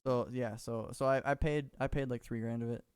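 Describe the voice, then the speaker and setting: A man's voice: mid-range voice, fairly even intonation, fairly quick, smooth, dry recording, clean studio sound. A young man from Minnesota co-hosting a podcast, telling stories in a rambling, casual way and swearing freely. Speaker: podcast co-host. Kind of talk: casual chat.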